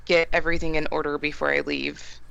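A woman's voice: deep voice, little pitch movement, fairly quick, creaky, fairly bright tone, muffled recording, slight background noise. A woman in her twenties co-hosting a podcast, giving brief, easygoing replies. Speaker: podcast co-host. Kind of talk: casual podcast chat.

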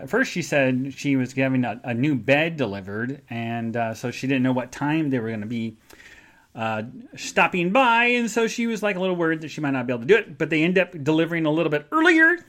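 Hosting a live online show, a podcaster rambles through a personal story in a casual, chatty manner packed with fillers and asides. His voice is medium-pitched and a bit bright.

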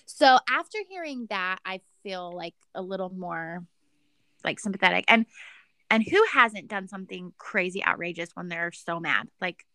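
A woman's voice: lowish voice, moderate pace, pushed and bright, clean tone, no echo. A woman in casual chat, recapping a reality show with a gossipy, chatty manner full of "like.". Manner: chatty, gossipy, heavy use of "like".

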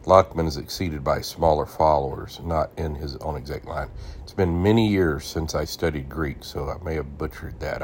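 Very deep male voice, podcast host, reads an old text aloud, stops to explain and spell names. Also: a little mellow, slight background noise. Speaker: podcast host reading and commenting on a church text. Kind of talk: reading aloud with asides.

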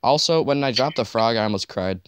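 Lively joking teenage boy. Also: medium pitch, brisk, a little hiss or hum. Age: teens. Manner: jokey, rambling, crude humor. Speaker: podcast co-host. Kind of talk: casual chat.

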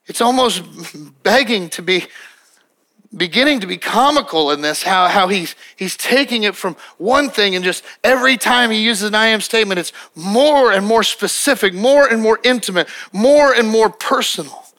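Pastor, male, middle-aged: high bright voice, emphatic, repeats his points, acts out quick exchanges. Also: lively intonation. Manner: emphatic and repetitive, acting out quick dialogues. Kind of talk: sermon.

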